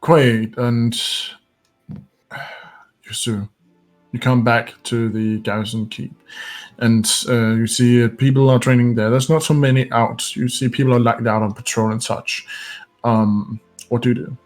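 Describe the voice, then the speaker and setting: A man's voice: mid-range voice, level tone, a little slow, darkish tone, faint music behind. Guy running a tabletop game as gm, lots of uhs and restarts, mid voice. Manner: hesitant narration with many fillers. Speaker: game master.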